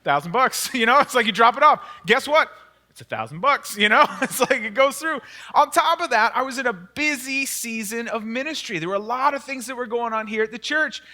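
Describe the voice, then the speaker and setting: Male pastor, middle-aged, very high and bright voice, energetic sermon with frequent laughs. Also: fairly quick. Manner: energetic, laughs often, acts out worried questions. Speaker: senior pastor. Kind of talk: lively sermon. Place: church worship hall.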